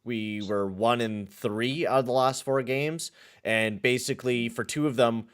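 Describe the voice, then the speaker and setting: A man's voice: medium pitch, steady tone, unhurried, clear, resonant tone. A man from western Canada hosting a casual live hockey play-by-play podcast, swearing and complaining in exasperation. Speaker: podcast host and play-by-play caller.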